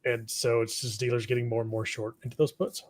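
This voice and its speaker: A man's voice: mid-range voice, little pitch movement, fast. Man, co-host, video call, explains at length, laughs between words. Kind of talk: casual live-stream chat.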